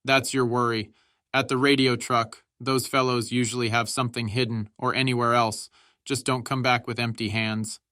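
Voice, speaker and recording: A man's voice: mid-range voice, level tone, moderate pace, sharp tone, no echo, studio quality, close to an everyday voice. A man voicing an impatient young soldier who bosses a comrade curtly.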